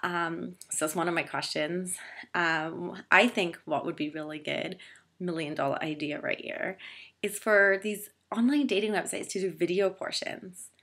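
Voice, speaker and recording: A woman's voice: fairly low pitch, unhurried, fairly bright tone. A young woman vlogging casually to camera, chatty and full of filler words, poking fun at herself. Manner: chatty, filler-heavy, self-deprecating. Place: Toronto.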